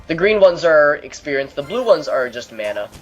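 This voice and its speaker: A man commentating on his own video game playthrough, explaining mechanics in a steady, mildly dry way. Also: fairly high pitch, moderate pace, lo-fi sound, faint music behind. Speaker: gameplay commentator. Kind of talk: let's play commentary.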